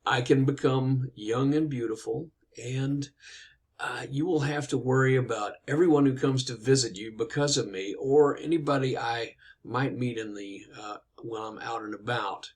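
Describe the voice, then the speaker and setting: A man's voice: mid-range voice, fairly even intonation, normal speed, natural voice. Old woman bargainer, played by a man telling the tale, plain-spoken and persuasive, insistent. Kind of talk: casual storytelling.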